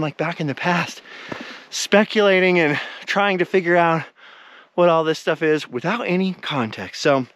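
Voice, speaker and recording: A man's voice: on the high side, a bit bright. A middle-aged man, out of breath, chatting in a rambling vlog while hiking outdoors at old ruins. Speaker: vlogger. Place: outdoors at a desert mine ruin.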